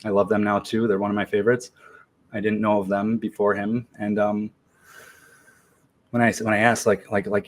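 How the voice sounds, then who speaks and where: Low, flat-voiced man telling a story. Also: normal speed, pauses often. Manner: relaxed, slangy, many ums and restarts. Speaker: podcast guest. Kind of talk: casual storytelling interview.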